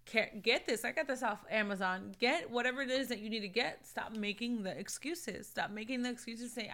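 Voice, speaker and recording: Earnest Christian woman vlogger, bright voice. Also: fairly high pitch, a little fast, few pauses. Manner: earnest, encouraging, laughs between points; says "sis" and "babe" to viewers. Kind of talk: casual motivational talk to camera.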